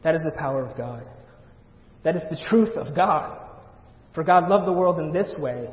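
A man's voice: on the high side, animated, moderate pace. Earnest man preaching in an echoey church. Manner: earnest, pleading, repeats phrases for emphasis. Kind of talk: sermon. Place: church sanctuary. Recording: echoey church hall, dull lo-fi sound.

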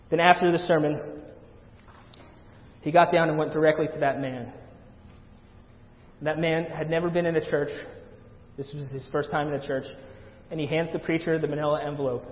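A man's voice: fairly high pitch, steady tone, normal speed, long pauses. A man preaching a sermon in a church, earnest and pleading, repeating his phrases for emphasis. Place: church sanctuary. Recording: echoey church hall, dull lo-fi sound.

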